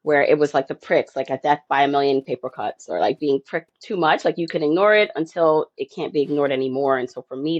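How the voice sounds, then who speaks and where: A woman speaks as a podcast guest, unhurried and reflective, talking through her own experience. Her voice comes through a dull, muffled lo-fi line in a very dry, close-miked setting, with no room sound at all. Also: low-pitched, dry recording. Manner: reflective, warm storytelling with light laughs. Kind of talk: conversational interview answer. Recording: dry, dull lo-fi remote audio.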